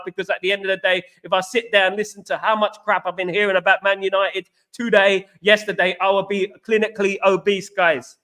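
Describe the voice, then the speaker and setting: A man with an East London accent chats casually as a livestream host. He reads out viewer comments and answers in slangy banter full of repeated catchphrases. His voice is high and bright.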